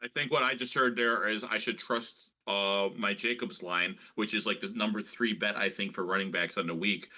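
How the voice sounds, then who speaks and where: A man co-hosting a casual sports betting chat, joking and quick to restart his sentences. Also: on the low side, fairly even intonation, sharp tone. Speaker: co-host.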